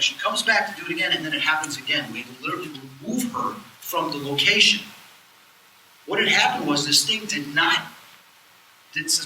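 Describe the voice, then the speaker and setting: A man with a fairly high voice speaks briskly, casually recounting stories in a live lecture and animatedly acting out their dialogue. It's an echoey, far-off recording from a lecture hall at a live event, with slight background noise.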